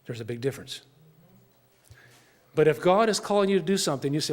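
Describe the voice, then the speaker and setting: An older man speaks in church as a missionary, telling a story with earnest emphasis. His voice sits a little high. A long reverb trails each phrase through the hall. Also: animated, fast. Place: church sanctuary.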